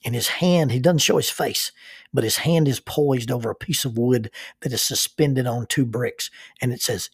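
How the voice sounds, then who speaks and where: An older man, a minister hosting his own podcast, telling personal stories in an unhurried, reflective way and chuckling as he remembers. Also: mid-range voice, slightly rough, no echo, studio quality. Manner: unhurried, chuckles while recalling.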